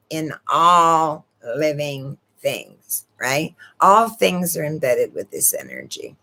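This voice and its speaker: A woman hosting her own channel, giving an unhurried spiritual talk to viewers and often asking rhetorical questions. She is sniffling a little. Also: on the low side, a bit bright. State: sniffling from allergy medicine. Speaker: channel host.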